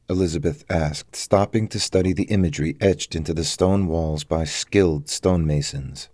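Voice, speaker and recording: Deep, dark-toned male narrator. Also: normal speed, hardly any pauses, no room sound. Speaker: audiobook narrator. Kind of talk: scripted narration.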